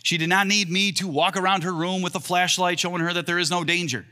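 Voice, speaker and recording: A man's voice: high voice, fairly even intonation, fast, sharp tone. A man in his thirties preaching an earnest sermon as a pastor, voicing the quoted lines with more lift. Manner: earnest, rising for acted-out quotes. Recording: long reverb in a large hall.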